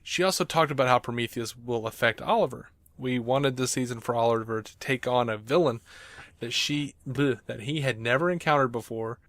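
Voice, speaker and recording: A man's voice: medium pitch, fairly bright tone, dry recording. A man co-hosting a podcast, reading entertainment news and quotes aloud, with asides and easy laughs. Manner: reads quotes then jokes and laughs easily.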